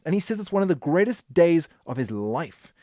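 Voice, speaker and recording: A man hosting a podcast, telling a business history story in an animated, emphatic way. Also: fairly high pitch, normal speed, no echo, studio quality. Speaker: podcast host.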